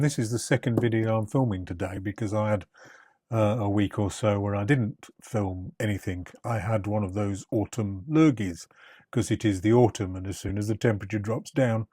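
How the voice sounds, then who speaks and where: A man's voice: lowish voice, dark tone. A man hosting his cooking channel from a home kitchen, chatty, rambling and self-deprecating. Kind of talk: casual cooking vlog chat.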